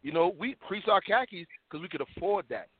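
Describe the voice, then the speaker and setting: A man tells stories in an animated, slang-heavy way. His voice sits a little high. The sound is dry and thin, like a phone line. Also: brisk, slightly rough, no echo. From New York. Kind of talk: casual discussion.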